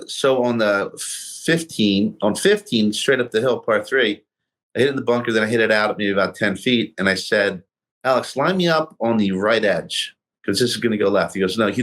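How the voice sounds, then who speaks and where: Animated middle-aged man telling a golf story. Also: on the low side. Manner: animated storyteller, acts out his own past lines. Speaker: guest golfer telling his story. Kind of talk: casual storytelling interview.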